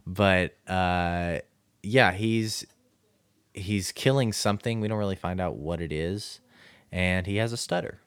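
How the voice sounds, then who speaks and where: A man's voice: low voice, measured pace, fairly bright tone, clean tone, no room sound. A man co-hosting a podcast, talking through a film casually with many fillers and restarts. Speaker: podcast co-host.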